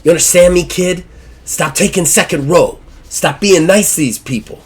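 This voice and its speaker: A man voicing a gruff, bullying, rich middle-aged tycoon. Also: a little high, animated, moderate pace, pitched above the performer's own voice.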